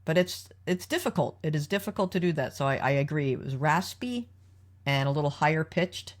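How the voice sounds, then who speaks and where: A woman's voice: low voice, expressive, a little fast. Woman, podcast host, casual discussion, analytical. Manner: analytical, leads the discussion with questions.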